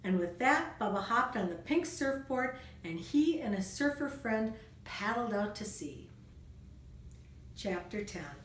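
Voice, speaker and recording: A woman reading a children's storybook aloud, gentle and expressive, with a lively rise and fall in her mid-pitched voice. She sits some distance from the mic in a roomy space. A faint hiss runs underneath. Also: measured pace.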